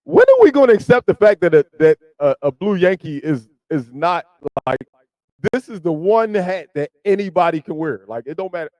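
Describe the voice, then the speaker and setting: A man hosting a podcast, chatting casually about football and swinging from low mutters to loud emphasis. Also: sing-song, normal speed, no room sound, poor audio. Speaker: podcast host. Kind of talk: casual sports chat.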